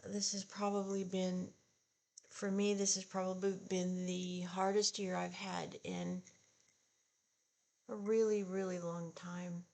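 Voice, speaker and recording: A woman in her sixties chatting slowly and haltingly while she does her makeup, sounding upset and discouraged. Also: lowish voice, little pitch movement, creaky, darkish tone. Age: 60s. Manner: slow, subdued and halting, with sighs. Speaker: beauty vlogger. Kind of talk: casual get-ready-with-me chat.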